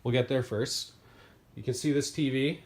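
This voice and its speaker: A man filming at home, retelling a bad repair visit in an exasperated, hurried rant. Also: mid-range voice, fairly even intonation, a little mellow. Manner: exasperated, retelling events in a rush. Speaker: homeowner reviewing appliances. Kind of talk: ranting home video complaint. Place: inside a home kitchen.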